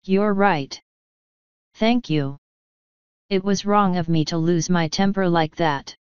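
A woman voicing an angry, pompous male wizard who snarls and forces himself to sound calm. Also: fairly low pitch, slow, smooth, dry recording, lo-fi sound. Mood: seething.

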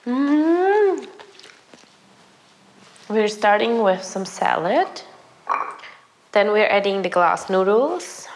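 Young woman, hoarse and sick, gravelly voice, chatty home-kitchen vlog, faint background hiss. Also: mid-range voice. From Germany. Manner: chatty, self-deprecating, talks to the viewer while cooking. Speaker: lifestyle vlogger. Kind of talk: casual cooking vlog chat.

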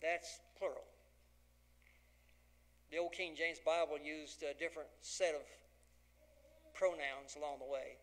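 A man's voice: a little high, fairly even intonation, unhurried, long pauses, a bit bright. A man preaching a folksy, dramatic sermon as pastor, acting out the dialogue of the scripture.

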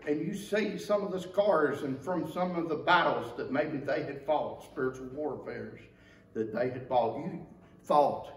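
A man preaching a sermon as pastor in a church, passionate, swinging between loud outcries and low, quiet stretches. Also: a little hiss or hum. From Georgia, USA. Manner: impassioned preaching with big swings of pitch and volume. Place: church sanctuary. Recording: echoey church from the mic's distance.

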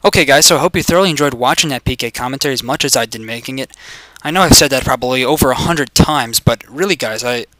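A man in his twenties giving crude, profane commentary over his gameplay, yelling greetings at other players. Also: medium pitch, quick pace, no echo. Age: 20s.

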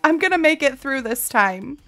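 A woman's voice: high-pitched, lively intonation, moderate pace, fairly bright tone, soft background music. A woman in her thirties streaming a game live, chatting with viewers, laughing often and crying out while she plays.

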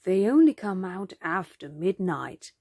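A woman voicing a kindly male bronze lion in a picture-book reading, with a gentle, playful manner. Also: on the low side, sing-song, a little slow, slightly rough, dry recording, studio quality, exaggerated voice.

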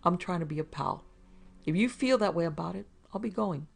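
A woman's voice: on the low side, animated, brisk, gravelly, breathy edge, full character voice. A woman voicing a wisecracking male detective who talks his way out of trouble in a breezy, bluffing manner. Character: wisecracking male detective's sidekick, quick-witted.

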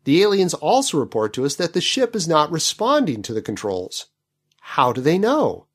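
A man's voice: on the high side, huge pitch swings, normal speed, fairly bright tone, slightly rough. A man hosting a podcast, picking apart a novel's plot with wry skepticism. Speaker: podcast host. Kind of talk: book commentary podcast.

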